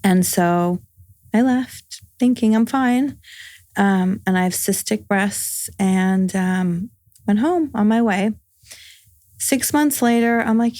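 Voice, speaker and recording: A woman's voice: mid-range voice, unhurried, darkish tone, dry recording, clean studio sound. A woman in her forties, a podcast guest telling a personal story in casual conversation, earnest and full of reported dialogue. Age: 40s.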